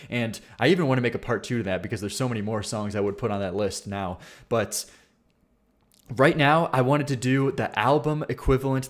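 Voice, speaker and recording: A man with a medium-pitched voice hosts a casual music reaction livestream. He rambles and swears, often restarting his sentences and laughing at himself.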